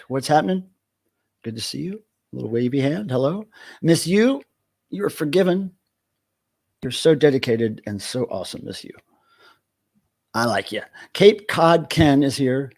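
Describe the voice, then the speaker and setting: A middle-aged man hosting a casual livestream, joking around and greeting chat viewers by name. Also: mid-range voice. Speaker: livestream host.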